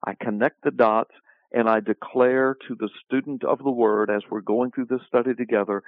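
Over a dry, phone-line recording, a man with a mid-range voice speaks at a moderate pace with fairly even intonation. He's giving a preaching-style interview answer about the Bible, stressing points, repeating himself, and stringing together long lists.

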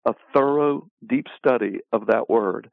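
A man's voice: mid-range voice, measured pace, vocal fry, no echo. A man teaching about the Bible in an interview, emphatic and repetitive, building long lists as he talks. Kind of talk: preaching-style interview answer. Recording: phone-line sound, dry.

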